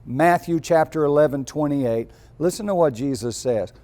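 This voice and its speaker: A man's voice: fairly high pitch, normal speed, warm tone. A male pastor preaching a sermon, telling homespun stories and building to emphatic peaks.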